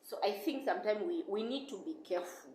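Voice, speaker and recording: A woman's voice: medium pitch, expressive, fast talker, warm tone. A young woman vlogger chatting casually and emotionally, rambling and calling her viewers "guys". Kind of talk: casual chat. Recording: echoey room with faint noise.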